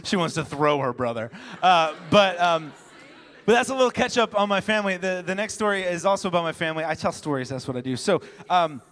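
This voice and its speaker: Young male pastor, slightly high voice, lively storytelling sermon, laughing and voicing the people in his stories, long hall reverb. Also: brisk. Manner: animated storytelling, acting out dialogue, laughing often.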